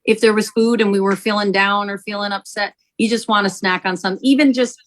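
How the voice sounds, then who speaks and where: A woman, a company founder, telling an animated testimonial story to sell her product, acting out quotes as she goes. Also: mid-range voice, fairly quick, poor audio. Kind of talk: testimonial sales pitch.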